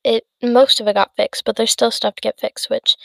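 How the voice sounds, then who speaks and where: A woman's voice: fairly high pitch, little pitch movement, moderate pace, gravelly, a bit bright, dry recording. Rambling eighteen-year-old woman podcaster. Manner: rambling, lots of fillers and self-interruptions. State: tired, yawning. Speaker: podcast host. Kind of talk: casual solo podcast chat.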